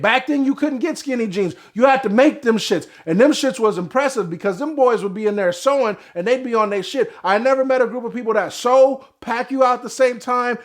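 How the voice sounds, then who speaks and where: Young man, comedic rant, high voice, loud and profane with big volume swings. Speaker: vlogger.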